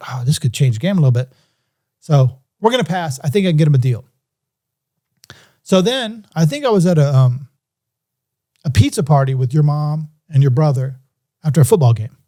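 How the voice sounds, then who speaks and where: A man's voice: fairly high pitch, mellow. A middle-aged man and music producer telling a story in an interview, acting out phone calls in different voices.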